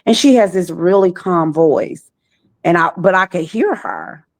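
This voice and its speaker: Woman, trafficking survivor guest, deep gravelly voice, halting repetitive delivery. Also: expressive, no room sound. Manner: slow, halting, repeats phrases. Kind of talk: personal testimony.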